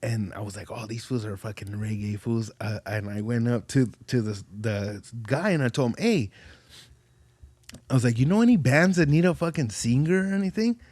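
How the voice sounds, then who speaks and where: A man's voice: medium pitch, normal speed, a little mellow, no echo. A man as a podcast guest telling stories in casual chat, swearing a lot, rambling, and acting out the voices of people he quotes.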